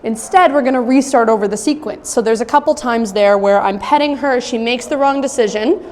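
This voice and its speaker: A young adult woman dog trainer giving an instructional demonstration, explaining calmly with occasional high-pitched praise for a puppy. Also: a little fast. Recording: long reverb with faint ambient noise.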